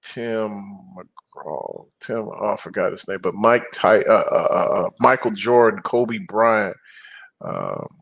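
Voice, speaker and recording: A middle-aged man talking casually as a guest, an animated storyteller who acts out quotes and growls for emphasis. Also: lowish voice, slow pace, creaky, slightly rough. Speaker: guest, apartment investor. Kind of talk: casual interview talk.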